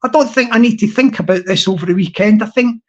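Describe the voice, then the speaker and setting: A man, talking casually on his live stream in a rambling, halting way full of fillers and restarts. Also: high voice. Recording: dull lo-fi sound.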